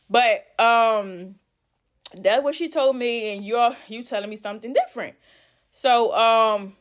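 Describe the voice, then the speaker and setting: A woman's voice: mid-range voice, a little slow. Woman, casual vlog storytime, out of breath, blunt, swearing, phone camera. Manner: animated, blunt, swears a lot, drops into quiet asides. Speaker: vlogger telling a story.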